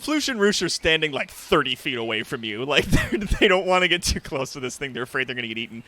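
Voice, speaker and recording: A man narrating a tabletop game as game master, animated and laughing often. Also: mid-range voice, fast talker.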